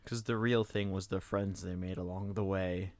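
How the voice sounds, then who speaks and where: A man's voice: sits low, steady tone, normal speed, a little mellow. A man co-hosting a casual movie chat, dropping dry joking asides. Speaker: podcast co-host.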